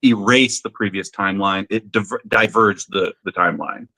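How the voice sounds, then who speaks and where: A man's voice: lowish voice, steady tone, normal speed, bright, forceful tone, low-quality recording. A man co-hosting a podcast, chatting casually and often restarting his sentences with fillers. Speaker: podcast co-host. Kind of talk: casual chat.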